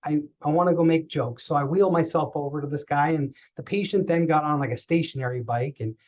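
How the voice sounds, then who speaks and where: A man tells a personal story on a podcast in a slightly high voice. He talks in an animated way, acting out the voices of the people he quotes. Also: brisk, low-quality recording. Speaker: podcast guest.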